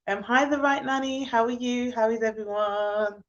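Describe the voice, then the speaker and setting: A woman's voice: a little high, level tone, moderate pace. A woman who works as a nanny and childcare expert, hosting a casual live stream and sounding sleepy. She chats easily, greets her viewers by name and laughs often. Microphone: phone or laptop for a live stream. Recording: dull lo-fi live-stream audio.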